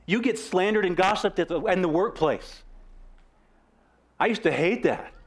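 A young man preaching with earnest energy. His voice sits a bit high for a man, and it leaps up and drops down as he presses his points. He speeds up and slows down by turns. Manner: earnest, animated, with sudden swings in pitch and pace. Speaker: pastor. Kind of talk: sermon.

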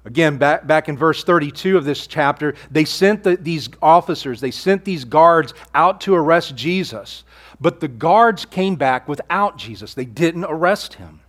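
A man preaching a sermon, earnest and conversational, asking rhetorical questions and sometimes dropping his voice low for emphasis. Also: expressive, a little slow. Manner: earnest preaching, rhetorical questions, drops to near-whisper on key lines. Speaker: pastor.

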